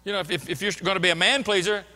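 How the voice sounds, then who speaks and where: High, bright-voiced male preacher. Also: fairly even intonation, rapid-fire, big-room sound. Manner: earnest, emphatic preaching with repetitions. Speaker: pastor. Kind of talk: sermon. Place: church sanctuary.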